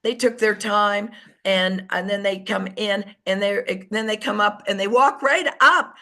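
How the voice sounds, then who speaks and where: A woman coaching her sales team over an online call, at a middle pitch for a woman. She talks in a chatty, storytelling way and slips into little put-on voices as she quotes people. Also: unhurried. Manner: lively storyteller who acts out quoted voices. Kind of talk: motivational team training talk.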